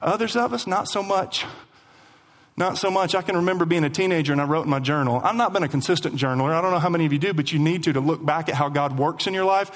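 A man preaching a sermon as pastor, animated, repeating lines for emphasis and slowing down to stress his points. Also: on the high side. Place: church sanctuary.

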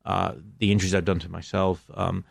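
A middle-aged American man, a filmmaker guest, speaking in a measured, reflective way with many hesitations and fillers. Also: deep voice, flat delivery, gravelly, no echo, studio quality. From United States. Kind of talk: reflective interview talk.

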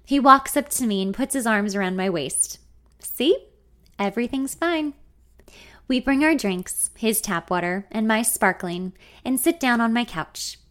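A woman's voice: fairly high pitch, moderate pace, few pauses, a bit bright. Woman narrating a confiding first-person story. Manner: intimate, confiding, wry.

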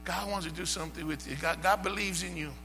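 High, gravelly preacher man. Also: fairly even intonation, quick pace, big-room sound, noisy background. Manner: impassioned, builds to shouting. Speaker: pastor. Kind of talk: sermon.

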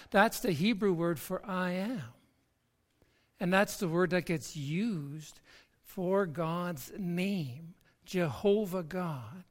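A pastor delivers a sermon at an unhurried, deliberate pace. The delivery is emphatic, with words repeated as each point builds. Long reverb from a church hall trails behind every phrase. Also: medium pitch.

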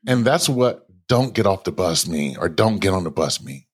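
A man's voice: low-pitched, normal speed, breathy edge. A man in his thirties, a guest author, animatedly telling a personal story in conversation and acting out the voices in his head. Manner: animated storyteller who acts out inner voices.

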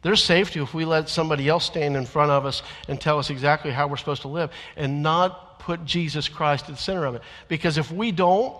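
A man preaching a sermon as a church minister, earnest, rising to loud emphatic lines and dropping to quiet confessional ones. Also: a little high, fairly even intonation, a little fast, hardly any pauses. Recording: long church reverb.

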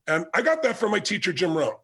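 A man's voice: sits high, sing-song, fast talker, a bit bright. A man giving a motivational talk with personal stories, emphatic and driving, repeating his key points. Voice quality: gravelly, husky. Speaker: motivational speaker.

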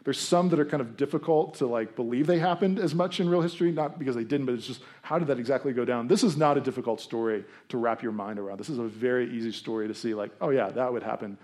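A man's voice: medium pitch, fast talker, hardly any pauses, a little mellow. A man in his thirties giving a conversational sermon as a pastor, with self-deprecating asides and quoted voices he acts out. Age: 30s.

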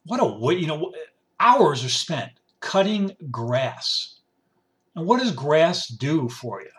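A middle-aged man delivers a sarcastic, rambling rant, circling back and repeating himself as he goes. His pitch sits a little high and swings widely, and he sounds slightly distant from the microphone. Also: sing-song, slow. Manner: sarcastic, mimics complainers in grumbling voices; rambling with restarts and repetition. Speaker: commentator. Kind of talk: casual ranting monologue.

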